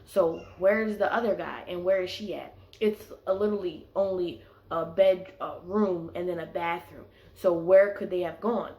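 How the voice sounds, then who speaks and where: A woman's voice: on the low side, moderate pace, few pauses. A young woman telling a story in a casual, slangy way, full of fillers. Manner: animated, slangy storytelling with many "like"s. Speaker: vlogger. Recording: echoey room.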